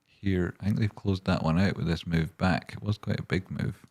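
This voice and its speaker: Low-voiced man ranting on a livestream. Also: fairly even intonation, normal speed, a little mellow, breathy edge. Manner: ranting and swearing, then rambling while walking through charts. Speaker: livestream host and stock chart analyst. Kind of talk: casual livestream chat, reading viewer questions.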